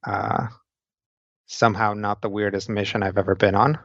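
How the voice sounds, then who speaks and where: A man's voice: on the low side, flat delivery, moderate pace, dry recording, muffled recording. A man narrating a tabletop game as game master, describing scenes in a loose, meandering way.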